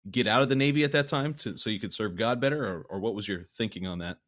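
A man's voice: fairly low pitch, fast, a bit bright. A man who conducts an interview and asks the guest questions. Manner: brief reactions, asks questions.

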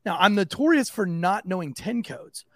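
A man, a former police officer hosting a podcast, telling profane, animated stories and acting out the people he quotes. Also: sits high, moderate pace, no echo, clean studio sound. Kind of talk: casual storytelling chat.

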